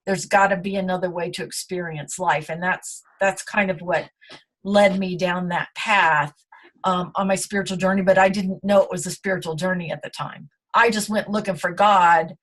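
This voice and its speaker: A woman's voice: lowish voice, steady tone, normal speed, fairly bright tone. Earnest middle-aged woman telling her story. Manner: earnest and reflective, with frequent fillers. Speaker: interview guest. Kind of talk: casual interview storytelling.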